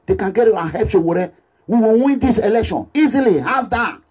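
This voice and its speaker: A man with a Nigerian accent making an impassioned social media appeal as a political activist, animated and repetitive, slipping into Pidgin English. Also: high voice, fairly quick, breathy edge. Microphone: phone or camera selfie video.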